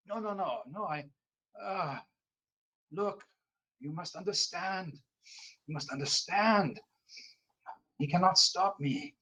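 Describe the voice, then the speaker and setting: A man's voice: high-pitched, takes it slowly, pauses often, pushed and bright, breathy edge, voice pushed up, heavily acted. A man voicing a frantic, bound French Canadian man who pleads and babbles in a French Canadian accent. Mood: frantic pleading.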